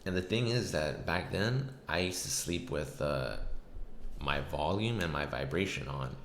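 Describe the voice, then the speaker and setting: Man, very low voice, casual podcast host, rambling profane storytelling, echoey room, faint hiss. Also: animated, a little slow, a bit bright. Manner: rambling, profane, many fillers.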